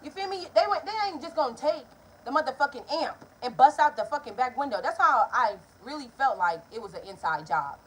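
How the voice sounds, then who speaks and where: A young woman, telling a story in a casual vlog, animated and profane. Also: high voice, a little fast, husky. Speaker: vlogger.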